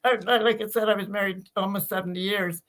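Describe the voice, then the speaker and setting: An elderly woman talking freely as a podcast guest, mid-pitched and even. She rambles a little and restarts phrases as she tells her stories. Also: quick pace, slight background noise, low-quality recording. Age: older. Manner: chatty, warm storyteller, rambling with restarts. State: uses hearing aids. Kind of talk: casual chat.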